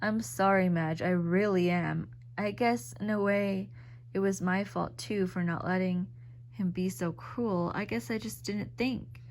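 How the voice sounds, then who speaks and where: A woman reading aloud voices a popular teenage schoolgirl, lively and a little higher than her reading voice. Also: moderate pace. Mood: sorry. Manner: bright, lively and gushing.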